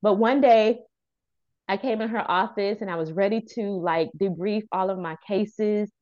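A woman's voice: mid-range voice, moderate pace, highs cut off. A woman in her thirties, a youth center founder and therapist, telling a heartfelt personal story in an interview. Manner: earnest, animated storyteller acting out quoted dialogue.

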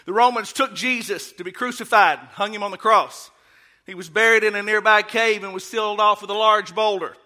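A man's voice: sits high, fairly even intonation, brisk, pushed and bright. A man voicing an earnest, confident young college football fan in a joke he tells from the pulpit.

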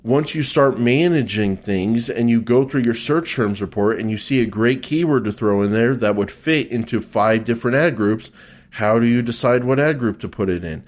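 A man's voice: mid-range voice, moderate pace. Joking man co-hosting an ads podcast. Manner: joking, then steady explaining with fillers. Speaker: podcast co-host, search ads expert. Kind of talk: casual podcast chat and explanation.

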